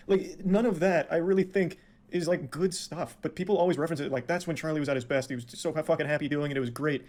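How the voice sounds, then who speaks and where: A man speaks quickly and candidly to camera, critical of his own older work. His voice sits slightly high. The delivery is loose and conversational. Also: steady tone, a little mellow. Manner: frank, self-critical. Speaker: content creator in a video.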